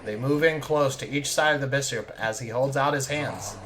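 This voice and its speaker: A man's voice: medium pitch, moderate pace, fairly bright tone, slight background noise. A man narrating a tabletop game as game master, in a casual, chuckling way.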